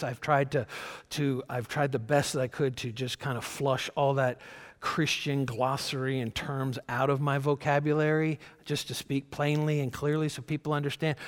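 Pastor preaching in a reverberant hall. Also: male voice, medium pitch. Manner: shifts to soft whispers for God's voice; repeats and restarts words. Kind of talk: sermon.

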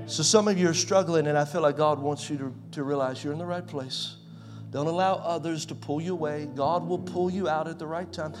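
A pastor in his forties preaching a sermon in a conversational way, swinging from loud to soft. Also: fairly high pitch, fairly even intonation, a little fast, over music. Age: 40s.

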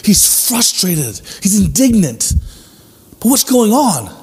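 High-voiced earnest preacher in a reverberant hall. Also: male voice, big pitch swings, slow, darkish tone. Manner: earnest, repeats phrases, asks rhetorical questions. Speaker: pastor. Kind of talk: sermon. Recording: long hall reverb with faint music.

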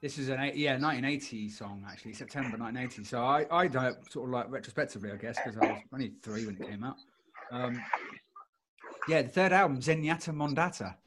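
A man's voice: mid-range voice, fast talker, background noise. Chatty man hosting a podcast. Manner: chatty, wry, self-deprecating. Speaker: podcast host. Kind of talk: casual chat.

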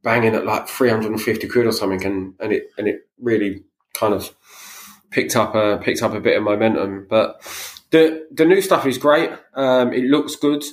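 A man's voice: fairly low pitch, moderate pace, roomy sound. A man chatting casually as a podcast co-host, telling stories with many fillers and restarts. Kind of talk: casual chat.

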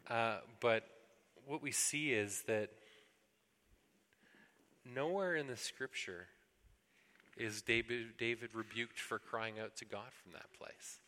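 A man's voice: medium pitch, slow, long pauses, sharp tone, big-room sound. A man preaching a sermon earnestly, now and then acting out pleas to God in a raised voice. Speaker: pastor.

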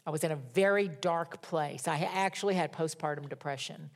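A woman's voice: low voice, fairly quick. Woman preaching a dramatic sermon. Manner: dramatic, rising to loud emphatic peaks, dropping to whispers. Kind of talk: sermon with scripture reading.

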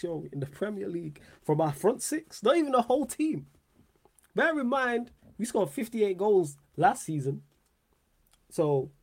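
A man's voice: sits high, vocal fry, no echo. A young man hosting a live football podcast stream, chatting casually in slang and repeating himself, close to the mic. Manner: animated, laughing slang-heavy banter, repeats phrases. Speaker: podcast host.

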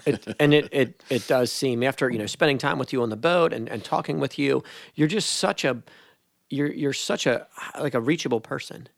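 A man hosting a podcast who asks relaxed questions and often stops and restarts his sentences as he talks. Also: mid-range voice, moderate pace, creaky, dry recording, clean studio sound. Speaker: podcast host. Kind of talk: casual podcast interview.

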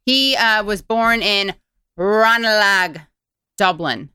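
A woman host talks in an animated, sardonic way, asking questions as she goes. Her low, bright voice sounds crisp. The sound is dry and close. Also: moderate pace, no room sound. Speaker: podcast host. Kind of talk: casual chat and reading aloud.

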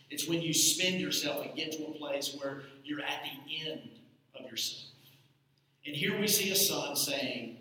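A man's voice: on the high side, bright, forceful tone. A man preaching a sermon to his congregation in a church, calling out to the people. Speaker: pastor. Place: church sanctuary. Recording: echoey church hall from a distance.

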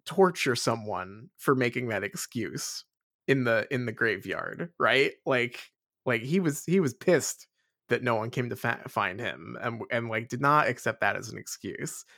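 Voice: mid-range voice, expressive, unhurried, a bit bright, dry recording, clean studio sound. A podcast co-host rambling through a book discussion, repeating words and laughing often.

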